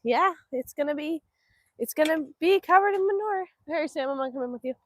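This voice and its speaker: High, lively woman streaming outdoors. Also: a little fast, slight background noise. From Northeast Texas. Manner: chatty and affectionate, uses sing-song baby talk to animals. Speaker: livestream host. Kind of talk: casual livestream chat, reading viewer comments. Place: outdoors at a foggy cow pen.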